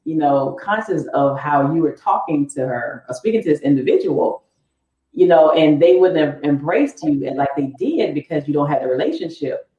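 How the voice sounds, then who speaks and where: A woman's voice: deep voice, lively intonation, moderate pace, warm tone. A woman hosting an interview, chatting casually and laughing often as she asks questions. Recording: echoey, muffled room sound.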